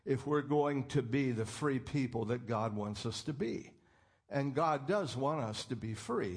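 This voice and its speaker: A man preaching a sermon in an earnest, emphatic way, quoting scripture as he goes. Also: mid-range voice.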